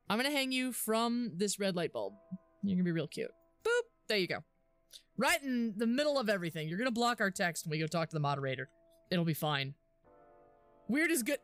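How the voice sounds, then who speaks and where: A woman's voice: fairly high pitch, a bit bright, clear, resonant tone. A young woman streaming a game, chatting casually and giggling often while she thinks aloud with lots of fillers. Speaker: livestreamer. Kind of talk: casual live gameplay commentary.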